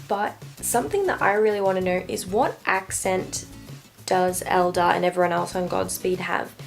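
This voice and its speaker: A woman's voice: lowish voice, normal speed, gravelly, soft background music. A woman vlogging a casual reading update soon after waking, chatty and rambling with lots of fillers. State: just woken up. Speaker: book vlogger.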